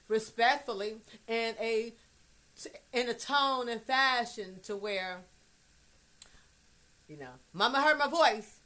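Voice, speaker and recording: A woman musing in a casual monologue, blunt and profane, swinging from hushed asides to emphatic loud bursts. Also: on the high side. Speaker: vlogger.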